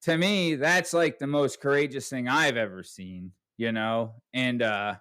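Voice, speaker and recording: A man's voice: mid-range voice, measured pace, fairly bright tone, clean tone. A man hosting a podcast, telling a story casually and profanely, tagging lines with "right?". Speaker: podcast host.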